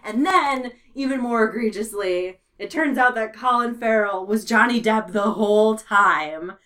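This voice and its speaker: A woman co-hosting a casual movie podcast, animated and laughing often as she mimics characters. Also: on the high side, a little slow. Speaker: podcast co-host.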